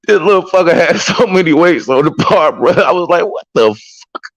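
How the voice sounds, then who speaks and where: A man chatting casually as a streamer, excitable and profane with loud whoops. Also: high-pitched, dry recording, dull audio. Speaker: streamer reacting to clips. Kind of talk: casual reaction chat.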